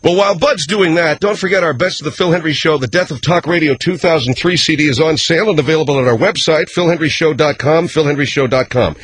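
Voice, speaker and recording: A man hosting a comedy talk radio show, switching between theatrical panic and brisk, deadpan plugs. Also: fairly high pitch, breathy edge, no room sound.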